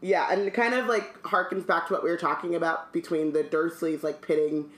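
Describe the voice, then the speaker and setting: A woman's voice: lowish voice, steady tone, fairly quick, echoey room. A woman co-hosting a casual book-club podcast, reading aloud and chatting with many asides.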